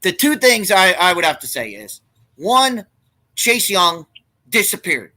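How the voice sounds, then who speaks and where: A man hosting a casual sports talk, excitable and prone to stammering and repeating himself. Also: high voice, measured pace, rough recording.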